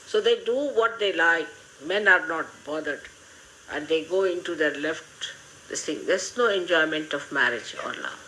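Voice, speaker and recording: An older woman, giving a gently humorous, motherly spiritual talk to her followers. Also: fairly low pitch, expressive, normal speed, a little hiss or hum, rough recording. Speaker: spiritual teacher.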